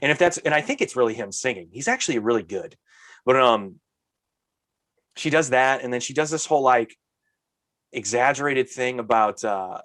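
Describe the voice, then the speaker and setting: A man co-hosting a podcast in casual chat, ranting about a movie with exasperated, animated asides. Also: mid-range voice, normal speed, pauses often, dry recording. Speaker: podcast co-host.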